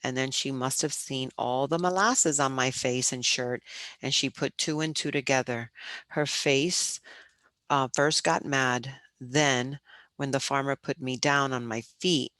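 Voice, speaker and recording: A woman teacher reading a children's novel aloud, expressive and stumbling over words now and then. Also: rumbling low, measured pace, no echo. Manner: expressive, with frequent restarts. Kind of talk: storybook read-aloud.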